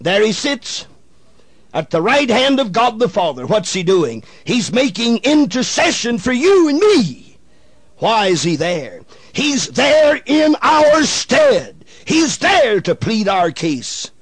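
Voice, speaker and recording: Male radio evangelist: high, swooping delivery that drops to a hush and climbs to a shout; dry, close sound. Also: big pitch swings, slow, no room sound. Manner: dramatic swings from hushed to shouted, archaic prayer language. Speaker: radio preacher. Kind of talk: fiery radio sermon.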